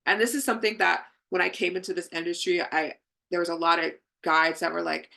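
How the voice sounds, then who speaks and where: A woman's voice: lowish voice, steady tone, fairly quick, gravelly, bright, forceful tone. A woman leading a live online healing session, talking to her viewers in an effusive, affirming way. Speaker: spiritual healing coach.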